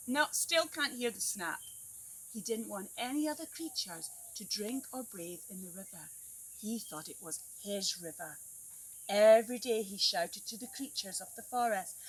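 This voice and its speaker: A woman teacher reading a picture book aloud to young children, animated and coaxing them to join in. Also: mid-range voice, moderate pace, slight background noise. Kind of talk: storybook read-aloud for children. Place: outdoors at a tree house.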